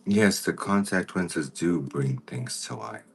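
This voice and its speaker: A man doing a makeup transformation on a livestream, talking casually to viewers and now and then greeting them by name in an excited high voice. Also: slow pace. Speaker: makeup artist vlogger.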